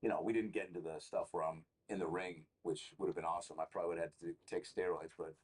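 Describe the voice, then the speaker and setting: In a casual interview, a comedian and actor holds forth as the guest, a fast talker with a low, husky voice. His storytelling is rambling, profane and animated.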